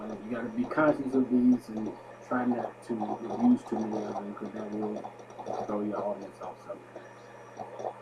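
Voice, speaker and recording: A man presenting a lesson from his notes, loud on each heading and trailing off quietly at the ends of sentences. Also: fairly low pitch, little pitch movement, normal speed, muffled recording, a crowd in the background. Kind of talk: reading study notes aloud as a video presentation. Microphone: webcam microphone.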